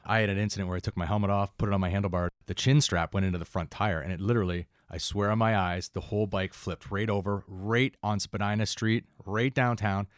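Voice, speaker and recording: A man's voice: fairly low pitch, quick pace, hardly any pauses, smooth, no echo, studio quality. A Canadian man in his forties, a fire captain and paramedic, telling stories in a casual interview and jumping into quoted voices. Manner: animated, jumps into quoted voices.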